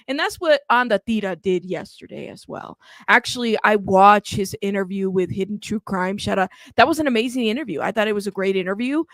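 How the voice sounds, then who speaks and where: A woman hosting a true crime channel, talking in a casual, animated and sassy way, bilingual in Spanish. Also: mid-range voice, dry recording. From United States. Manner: animated, sassy, frequent laughs. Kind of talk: casual livestream commentary.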